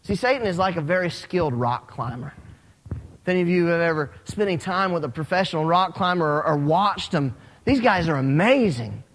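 A man preaching a sermon as a pastor, telling stories with animated, rising emphasis. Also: a little high, a little fast. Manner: animated storytelling, rising when excited. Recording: long hall reverb.

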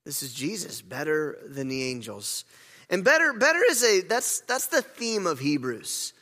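A man's voice: fairly high pitch, sing-song, normal speed, bright, forceful tone. A man preaching a sermon as pastor, earnest, often repeating words and restarting phrases. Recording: long hall reverb.

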